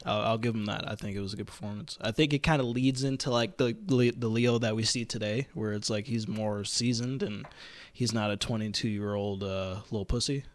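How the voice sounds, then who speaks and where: A man's voice: fairly low pitch, steady tone, brisk, no room sound. A man with a mid-range voice, easygoing and informal as he talks through a film with a friend. He laughs often and tosses in casual swearing. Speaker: podcast co-host.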